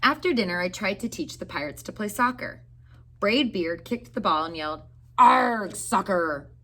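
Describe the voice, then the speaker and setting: A woman teacher reading a picture book aloud to young children in an expressive storytelling way. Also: mid-range voice, normal speed.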